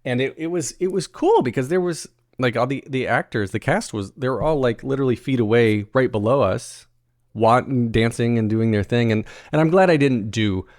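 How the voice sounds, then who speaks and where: A man from the American South hosts a relaxed podcast conversation and often restarts his sentences. His voice is mid-pitched, and the recording is dry and close. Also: no room sound. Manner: casual, stumbling restarts, quick laughs. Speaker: podcast host. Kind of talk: casual chat.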